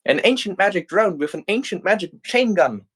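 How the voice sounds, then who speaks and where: A man voicing a cheerful, bubbly young AI girl hero in a fan story reading, with excited squealing outbursts. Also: on the high side, moderate pace, pitched above the performer's own voice, lightly acted.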